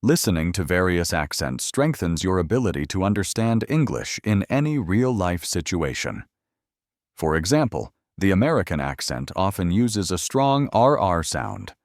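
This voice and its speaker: Male narrator for a language lesson: low, lively delivery, dry close sound. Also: moderate pace, no echo. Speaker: English teacher.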